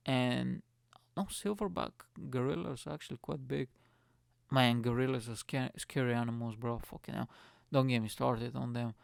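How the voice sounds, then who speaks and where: Young male podcast host, gravelly voice, dry close sound, sweary self-mocking ramble. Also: mid-range voice, normal speed, dry recording. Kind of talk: casual solo rant.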